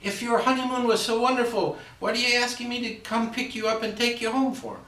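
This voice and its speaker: A man's voice: extremely high pitch, steady tone, brisk, bright, forceful tone, pitched above the performer's own voice, full character voice. A man voicing a doting, nosy older mother who fusses over her daughter with repeated endearments. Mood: fussing, coaxing. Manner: pleading, fussy, repeats endearments. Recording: roomy echo, far from the mic.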